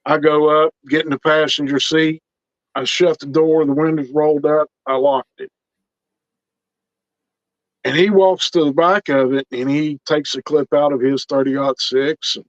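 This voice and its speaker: An earnest man tells a story in a folksy, unhurried way, often repeating himself as tension builds. His voice sits a little high for a man. The recording is dry and slightly dull, with a lo-fi quality. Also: steady tone, no echo. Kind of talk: casual spoken storytelling.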